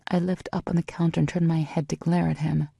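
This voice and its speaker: A woman narrating a first-person romance audiobook in an intimate, steady storytelling manner. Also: deep voice, fast talker, vocal fry, breathy edge, dry recording, clean studio sound.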